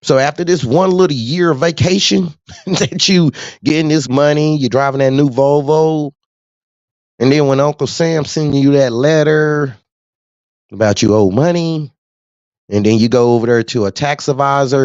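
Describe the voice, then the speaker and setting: A man's voice: fairly high pitch, normal speed, a little mellow, no echo. A man, a truck driver, ranting casually to camera in street slang and laughing often. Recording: dull dry lo-fi sound.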